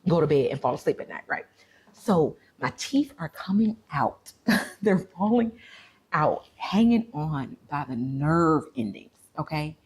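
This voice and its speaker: A woman vlogger telling a story to her viewers in a chatty, animated way, full of fillers. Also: low voice, slight background noise.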